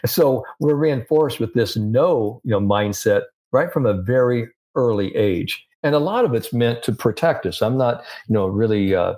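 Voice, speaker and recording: An older man, a sports psychologist, telling stories in a relaxed interview, full of "you know" fillers. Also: medium pitch, moderate pace. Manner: animated storyteller, many "you know" fillers, laughs often. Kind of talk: conversational interview storytelling.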